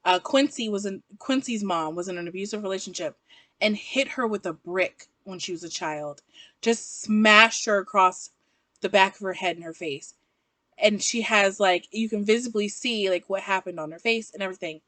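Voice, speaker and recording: A woman's voice: medium pitch, moderate pace, a bit bright, no echo. A young woman from the South, chatting casually and rambling as she reviews books, often laughing at herself. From American South. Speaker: book reviewer. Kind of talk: casual book-review vlog.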